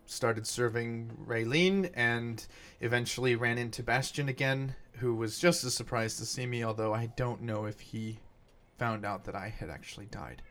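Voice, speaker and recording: A man voicing a male soldier returned from the dead, recounting in a reflective, halting way with a middling voice. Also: medium pitch, a bit bright, a little hiss or hum, close to an everyday voice.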